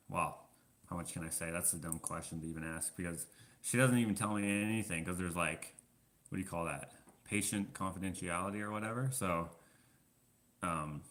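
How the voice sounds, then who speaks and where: A man rambling through a casual live-stream chat with viewers, self-deprecating and quick to laugh. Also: sits low, pushed and bright. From Canada. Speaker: vlogger answering live chat.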